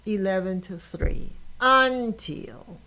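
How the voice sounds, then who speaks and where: A woman's voice: mid-range voice, expressive, slow, bright, forceful tone. An older woman hosting a podcast, telling a personal story with emotion and laughter. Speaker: podcast host.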